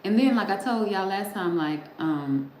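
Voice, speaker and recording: A middle-aged woman hosts a casual livestream, talking straight to her chat in a loose, chatty way and laughing often. Her voice sits at an ordinary pitch for a woman. The room around her sounds open and echoey, with a faint hum of background noise. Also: animated, moderate pace, darkish tone. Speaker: livestream host. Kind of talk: casual chat with live viewers.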